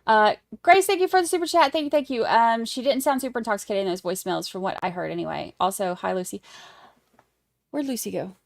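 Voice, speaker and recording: A woman's voice: fairly high pitch, quick pace, creaky, no room sound. Chatty, snarky woman livestreamer, dry sound. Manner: snarky, chatty, laughs easily. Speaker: livestream host. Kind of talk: casual chat with live chat.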